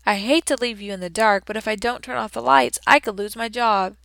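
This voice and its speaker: Woman doing a booming jolly janitor man. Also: a little fast, vocal fry, no room sound. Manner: loud, hearty, chatty. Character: jovial booming male night janitor, friendly.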